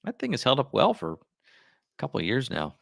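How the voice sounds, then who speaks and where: A man's voice: mid-range voice, wildly swooping pitch, a little fast, creaky, dry recording, clean studio sound. A middle-aged man hosting a livestream, chatting casually and rambling through his thoughts with plenty of asides. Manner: rambling, musing aloud with many asides. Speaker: livestream host. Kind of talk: casual live chat.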